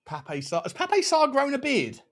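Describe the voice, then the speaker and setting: This fan channel host's voice is very high-pitched as he talks through a live football watchalong. Animated and excitable, he's quick to laugh and to swear over the match.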